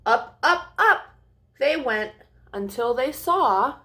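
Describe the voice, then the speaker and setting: A young woman reading a picture book aloud as a storyteller, in an expressive sing-song way. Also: sits high, takes it slowly.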